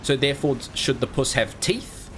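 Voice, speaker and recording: A man's voice: mid-range voice, moderate pace, a bit bright, a little hiss or hum. A man streaming a video game, rambling through crude jokes in casual commentary.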